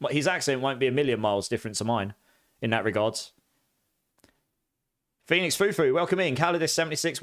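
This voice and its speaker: This chatty streamer from near London speaks with an Essex accent touched by a bit of posh English, in a mid-range voice. He gives live commentary while playing, laughing easily and reacting with excitable bursts.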